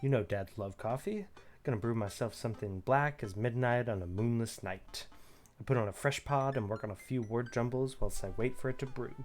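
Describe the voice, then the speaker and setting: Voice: mid-range voice, a little fast, a little mellow. A goofy, giggly game streamer doing let's play commentary and reading out their own choices.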